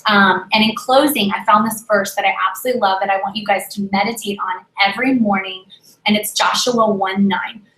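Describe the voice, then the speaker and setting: A woman coaching her sales team in a lively pep talk, repeating her key points and checking in with "okay?" after each one. Her voice sits at an ordinary middle pitch, and the room around her rings with echo. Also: brisk. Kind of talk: motivational team training. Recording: echoey room.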